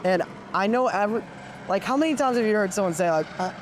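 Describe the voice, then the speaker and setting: High-voiced young man hosting a podcast. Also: animated, fast, background noise. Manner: reflective, many "like" fillers. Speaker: podcast host. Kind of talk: casual conversation.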